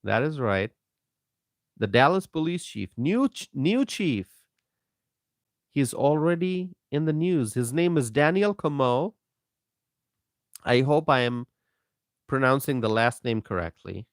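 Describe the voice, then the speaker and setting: A man hosting a political commentary live stream, talking in a slow, emphatic way, repeating himself and greeting viewers by name. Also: medium pitch, lively intonation, dry recording, studio quality.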